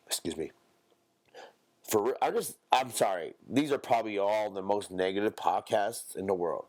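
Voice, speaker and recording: A young man, a podcast co-host, ranting bluntly and profanely in casual talk, now and then mocking others in a squeaky high voice. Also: a little slow.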